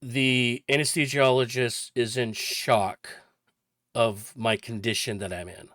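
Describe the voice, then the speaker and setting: A man in his forties tells a personal story in a loose, rambling vlog style, piling on detail as he goes. His voice sits at an ordinary middle pitch. It is recorded close and dry, with no room sound. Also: steady tone, slow, a bit bright, dry recording. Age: 40s. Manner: chatty, rambling recounting with detail. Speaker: vlogger.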